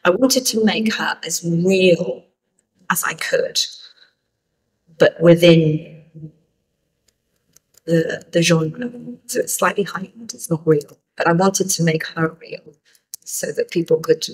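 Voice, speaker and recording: Woman director, middle-aged, husky, reflective interview answers with many restarts. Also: on the low side, slow pace, pauses often, poor audio. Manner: thoughtful, hesitant with restarts. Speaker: film director. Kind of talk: festival interview.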